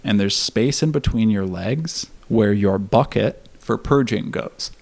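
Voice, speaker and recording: Man, gravelly, lowish voice, candid casual storytelling, swears freely. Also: unhurried, darkish tone. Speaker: podcast guest.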